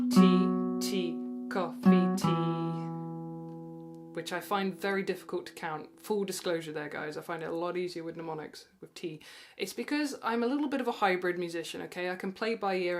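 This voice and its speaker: A woman teaching guitar online, talking warmly and counting the beats aloud while she plays. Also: fairly low pitch. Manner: encouraging, counts aloud, chuckles at herself. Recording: loud guitar under the voice. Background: guitar playing.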